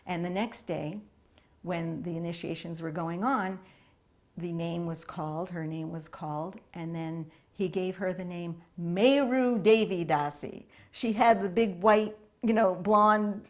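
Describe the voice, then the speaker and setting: Woman recounting old stories, a bit low-pitched, animated storyteller. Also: a little slow. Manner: lively anecdotal storytelling. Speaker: devotee recalling memories. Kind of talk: reminiscing interview.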